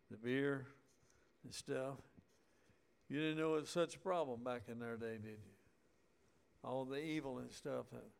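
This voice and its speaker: A man preaching a sermon, reading scripture aloud and explaining it in a folksy, deliberate way, stretching out words for emphasis. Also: mid-range voice, vocal fry, clean tone.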